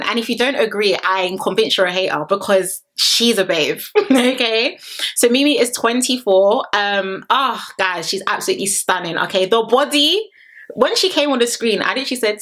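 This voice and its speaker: A woman chatting casually to camera as she reviews a reality show, playful and animated, stretching and singing words for effect. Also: mid-range voice, fairly quick.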